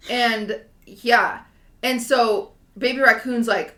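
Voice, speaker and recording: Bright-voiced woman telling a story. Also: medium pitch, moderate pace, reverberant. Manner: animated storytelling, lots of fillers. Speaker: podcast co-host. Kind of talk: casual chat.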